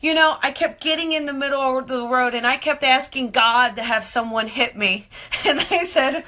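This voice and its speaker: A woman who hosts a live-streamed show as a medium tells stories in a lively, chatty way and acts out the people in them. Her voice is bright and sits a little high, and she talks close to the mic. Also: a little slow. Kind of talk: live-streamed casual storytelling.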